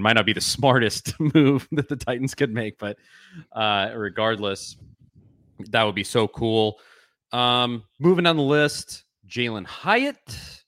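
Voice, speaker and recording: A man's voice: lowish voice, fairly bright tone, dry recording, clean studio sound. A man hosting a sports podcast, chatting with enthusiasm and rambling a bit as he restarts his sentences. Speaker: podcast host. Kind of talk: casual sports chat.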